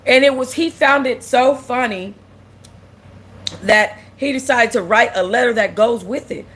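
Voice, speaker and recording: With a fairly high pitch and a fairly bright tone, she talks at a measured pace. The young woman is hosting a casual livestream and is nearly crying, speaking frankly, repeating things, and responding to comments she reads from viewers.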